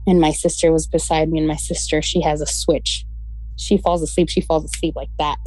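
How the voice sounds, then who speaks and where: A woman's voice: sits low, a little fast, dry recording, rough recording. A woman telling a childhood ghost story in casual conversational speech, acting out the voices of the people she quotes. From West London. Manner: animated, acts out quoted voices. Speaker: guest storyteller.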